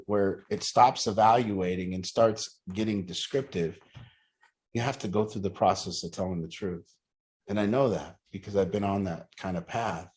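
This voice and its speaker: Deep-voiced middle-aged guy talking to a group, earnest, keeps asking why and how. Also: darkish tone. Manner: earnest, circling rhetorical questions. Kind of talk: reflective group talk.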